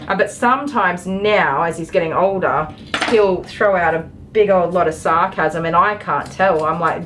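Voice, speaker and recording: Her voice is lowish with a fairly bright tone, at normal speed, and the low-quality recording carries slight background noise. She's a middle-aged dog groomer chatting casually on a live stream as she works. Lots of ums and laughs fill the talk, set indoors in a grooming salon.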